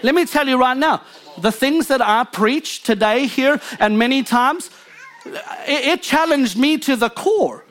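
A man preaching a sermon from the pulpit as pastor, fervent and emphatic, building intensity then dropping low. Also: unhurried, a bit bright.

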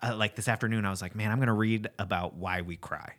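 A man's voice: lowish voice, steady tone, fast, a bit bright. A young man co-hosting a casual talk show, thinking aloud in a rambling way. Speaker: podcast co-host. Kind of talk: casual chat.

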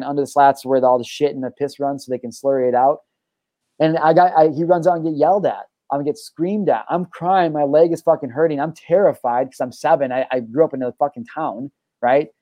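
A man's voice: on the high side, warm tone, dry recording, poor audio. A man hosting a talk show and coaching listeners in an intense, profane, preachy monologue. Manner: intense, swears freely, preachy. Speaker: podcast host and life coach.

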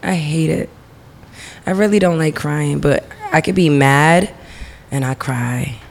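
A woman co-hosting a casual podcast, chatty and quick to laugh, speaking in relaxed, informal grammar. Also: deep voice, creaky. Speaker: podcast co-host.

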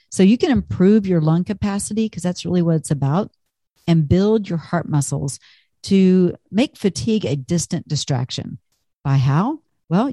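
A woman's voice: on the low side, mellow, no echo, studio quality. A woman fitness instructor giving an upbeat, chatty talk on stretching and endurance, encouraging listeners and laughing at herself.

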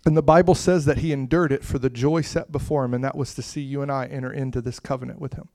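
A man preaching a sermon with impassioned delivery that swells to loud, emphatic peaks and drops to soft, hushed lines. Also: mid-range voice, steady tone, fast talker, dry recording.

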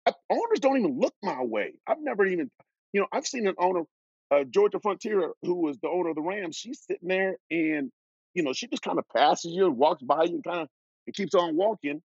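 A man in his fifties from Oregon, a former pro football player, telling stories as a guest in an animated way, laughing as he goes. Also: high voice, a little fast, slightly rough, dry recording, muffled recording. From Oregon, USA. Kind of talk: animated storytelling.

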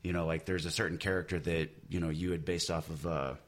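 Brief: deep-voiced male artist, loose conversational ramble, lots of "you know.". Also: steady tone, quick pace. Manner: rambling, many you-knows and restarts. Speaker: comic book artist. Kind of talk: casual podcast chat.

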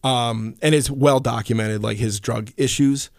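A man hosting his own podcast in casual chat, rambling and animated, with lots of fillers and the odd curse. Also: mid-range voice, measured pace, dry recording. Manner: rambling, animated storyteller with frequent fillers and profanity. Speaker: podcast host.

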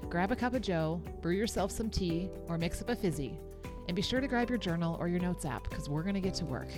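A woman's voice: on the low side, lively intonation, brisk, over music. A middle-aged woman hosting a faith-based podcast, talking in an encouraging, conversational way. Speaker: podcast host. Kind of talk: scripted podcast intro and casual teaching.

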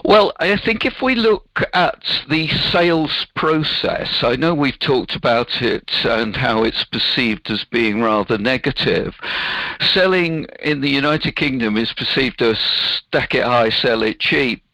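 Gravelly man explaining earnestly. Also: mid-range voice, expressive, unhurried, bright, forceful tone, dry recording, rough recording. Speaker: guest, business founder. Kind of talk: interview answers.

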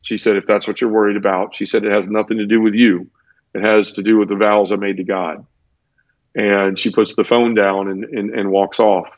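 A man's fairly low voice, flat and moderately paced, carries an emotional personal story in an interview conversation. Sincere and close to tears, he stumbles, repeating words and restarting. The sound is dull and lo-fi, dry and close, with no echo.

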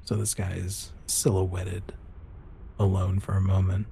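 A man's voice: deep voice, completely flat delivery, measured pace, creaky, warm tone, a little hiss or hum. A man running a tabletop horror game as game master, narrating scenes in vivid detail.

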